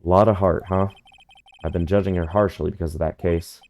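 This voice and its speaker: Low-voiced man reading game dialogue. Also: steady tone, fairly quick, a little mellow. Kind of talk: game playthrough narration.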